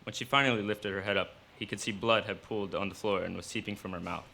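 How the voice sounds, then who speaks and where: A man reading his own fiction aloud at a live cafe event, in steady storytelling narration. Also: lowish voice, fast talker, creaky, slight background noise.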